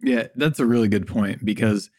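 A man from the United States, a podcast guest in casual conversation, talking bluntly and in an animated way and swearing casually. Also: on the low side, moderate pace, no room sound, clean studio sound.

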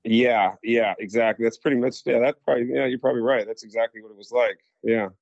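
A man's voice: mid-range voice, fast, gravelly, no room sound, highs cut off. A man from the United States, an actor telling stories in a casual interview, rambling with lots of restarts. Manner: rambling, animated, full of restarts and acted-out quotes.

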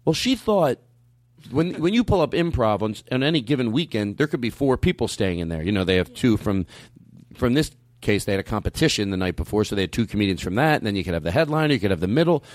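A man spins a long, rambling anecdote with a comedian's timing. He doubles back on himself often, then his voice leaps high whenever he acts out his own outbursts. The recording is close and dry, with no room around it. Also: dry recording. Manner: animated, jumps way up in pitch acting out his own outbursts; rambling with frequent restarts and asides. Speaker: stand-up comedian. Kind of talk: casual storytelling chat.

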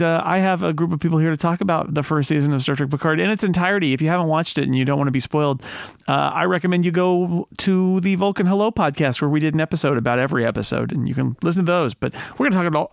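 Male podcast host, casual panel chat, laughs easily, gravelly voice, dry recording. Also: on the high side, quick pace, no echo. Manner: chatty, self-correcting, laughs easily.

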